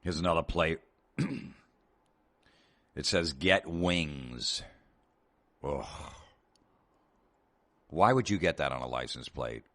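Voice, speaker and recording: A man's voice: rumbling low, expressive, slow, pauses often, a bit bright. A male comedian host delivering a profane, sarcastic, exasperated comedic rant.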